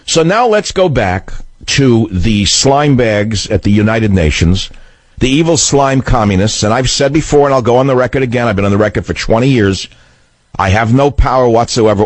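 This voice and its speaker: A man's voice: mid-range voice, lively intonation, moderate pace, dry recording. A man hosting a political talk radio show, delivering a combative, sarcastic monologue into a studio microphone. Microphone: studio broadcast mic.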